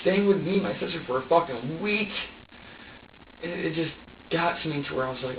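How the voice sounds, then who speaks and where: A young man being questioned by police in an interrogation room gives an agitated, profane confession, stumbling over restarts. His voice is a little high and brisk with long pauses. Seated away from the mic, he sounds distant and roomy on a dull, muffled recording with a faint hum beneath.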